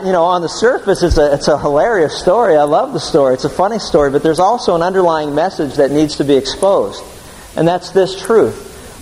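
A man delivers an earnest sermon, weaving in a story and acting out the lines of its characters. His voice sits a little high for a man. It rings with the long reverb of a large hall. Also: a little mellow, slight background noise. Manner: storytelling with voiced quotes, earnest, restarts words. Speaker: preacher.

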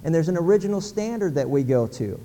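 A man's voice: on the high side, animated, fast talker, warm tone, long reverb tail. A middle-aged man from Pennsylvania preaching a sermon, folksy, acting out little everyday scenes. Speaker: pastor.

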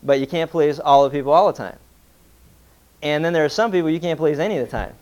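A man's voice: a little high, fast talker, darkish tone. A man preaching a sermon in a folksy, conversational way, telling a humorous story to his congregation. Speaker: pastor.

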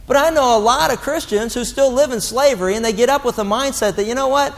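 A man preaching a sermon as pastor, animated and blunt, mocking the excuses he quotes. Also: very high-pitched, fast talker, creaky, hardly any pauses, big-room sound.

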